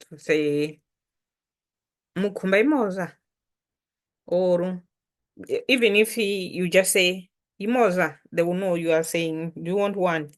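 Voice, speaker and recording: Malawian woman, native Chitumbuka speaker, for a slow, patient, casual language-lesson read; pitch on the lower side. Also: fairly bright tone. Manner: slow, patient, repeats words with frequent fillers. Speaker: language teacher. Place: home, online session.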